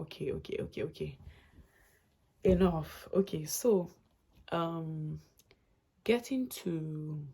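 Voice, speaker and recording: A young woman tells her travel story in a chatty, rambling way, circling back and restarting as her feelings come up. Her voice sits low and husky, with a gravelly edge and a warm, dark tone. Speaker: vlogger. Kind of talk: casual storytelling vlog.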